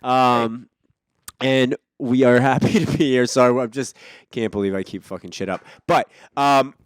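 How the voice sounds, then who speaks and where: A man's voice: mid-range voice, fairly even intonation, normal speed, smooth, no echo. A man hosting a casual podcast, laughing often, swearing and poking fun at himself. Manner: laughing, swearing, self-mocking. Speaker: podcast host.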